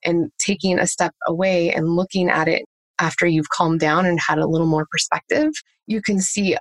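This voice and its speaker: A woman's voice: lowish voice, normal speed, dry recording. A woman working as a parenting coach, giving practical tips in an interview and walking through examples step by step. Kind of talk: conversational interview answers.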